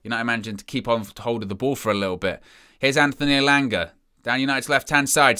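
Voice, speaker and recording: A young man giving excitable, chatty live commentary as a fan following a football match. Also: mid-range voice, quick pace, clear, resonant tone. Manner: excitable, chatty play-by-play with asides.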